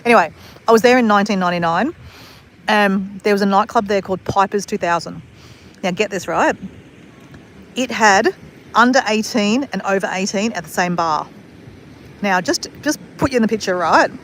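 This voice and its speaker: A woman's voice: mid-range voice, normal speed, pauses often, a bit bright, a little hiss or hum. A woman in her forties from Australia, chatting casually to camera in a rambling, laughing way. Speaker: vlogger.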